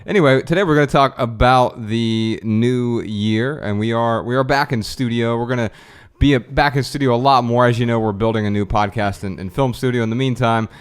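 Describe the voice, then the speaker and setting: A man's voice: medium pitch, brisk, few pauses, clean tone. A man co-hosting a casual podcast from a friend's kitchen, wry and joking with a slightly professorial streak. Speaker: podcast co-host. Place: friend's kitchen used as a studio.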